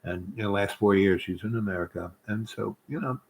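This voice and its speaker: A man's voice: lowish voice, brisk, creaky, a little hiss or hum, rough recording. Rambling man telling a personal story. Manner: rambling, fillers, quotes others in quieter voice.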